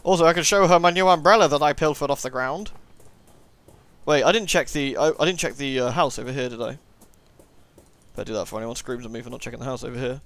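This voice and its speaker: A man's voice: mid-range voice, fast, fairly bright tone, no room sound. A young man giving casual gameplay commentary with sarcastic, joking asides. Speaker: let's play host.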